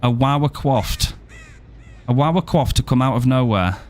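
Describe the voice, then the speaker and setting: A man's voice: medium pitch, normal speed, background noise. A young man streaming a game, joking around and swearing casually as he plays. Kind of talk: live gameplay commentary.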